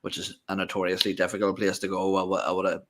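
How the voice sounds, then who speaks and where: Low-voiced male co-host. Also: monotone. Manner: measured, talks in long winding sentences. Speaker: podcast co-host. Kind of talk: casual fan show talk.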